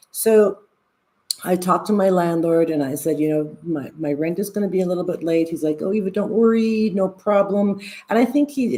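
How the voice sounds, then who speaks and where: Woman in her 60s, casual livestream chat, rambling, blunt, low-pitched, warm tone. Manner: rambling and candid, with restarts and frank swearing. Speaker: vlogger.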